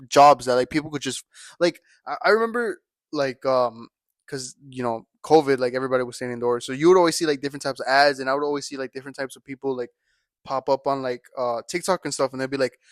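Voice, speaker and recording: A man's voice: medium pitch, fast talker, dry recording, studio quality. A young man co-hosting a podcast, chatting casually and rambling through slangy stories full of fillers. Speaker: podcast co-host. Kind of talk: casual chat.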